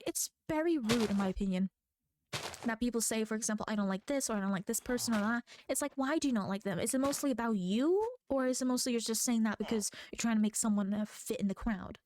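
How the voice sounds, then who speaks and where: A woman VTuber talks casually to her viewers while she plays a game. Her voice sits a little high, and she rambles and circles back on her thoughts in an easy, chatty way. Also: fast talker, darkish tone, a little hiss or hum. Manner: rambling, chatty, thinks aloud. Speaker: VTuber streamer.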